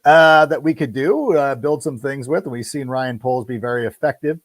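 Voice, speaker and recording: A man's voice: medium pitch, dry recording. A middle-aged man hosting a casual sports podcast, telling stories and often restarting his sentences mid-thought. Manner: animated storyteller, quick self-corrections. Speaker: podcast host.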